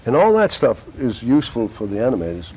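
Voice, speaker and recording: An older man, an actor being interviewed, telling stories in an animated, rambling way with restarts. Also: medium pitch, fast, breathy edge, rough recording. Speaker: actor guest. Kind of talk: conversational interview storytelling. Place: local TV studio.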